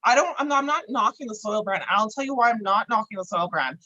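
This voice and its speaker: A woman's voice: fairly high pitch, animated, a little fast, bright, forceful tone, muffled recording. A woman chatting casually as a podcast guest, laughing often and swearing freely. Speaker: guest grower.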